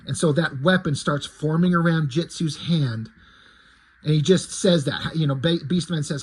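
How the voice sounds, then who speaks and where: Husky man recapping his comic. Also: a little high, normal speed, poor audio. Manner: loose, rambling with fillers. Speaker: comic creator. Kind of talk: casual story recap.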